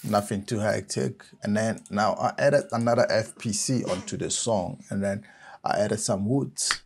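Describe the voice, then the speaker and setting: Gravelly low-voiced man explaining beats. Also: a little slow. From South Africa. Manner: relaxed, explains step by step. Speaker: music producer. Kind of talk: casual software tutorial.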